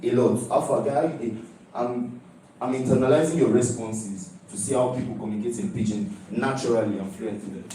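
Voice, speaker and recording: A young man from Nigeria presents his student project in a mellow, relaxed voice. He stresses his points and repeats them, often checking in with his listeners. He sounds far from the mic in a very echoey hall. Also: fairly low pitch, a little fast, slight background noise. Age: young adult. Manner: emphatic, repeats key phrases, keeps asking "do you understand?". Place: large lecture hall. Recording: echoey hall, heard from a distance.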